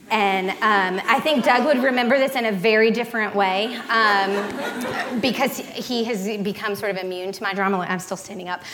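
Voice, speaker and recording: A woman giving a personal testimony as a guest speaker, telling her story in a dramatic, animated way. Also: medium pitch, moderate pace, a little hiss or hum.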